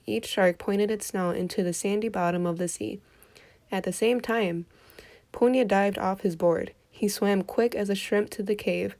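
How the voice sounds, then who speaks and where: A woman reading a folktale aloud for children in an expressive storytelling voice. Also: mid-range voice, gravelly.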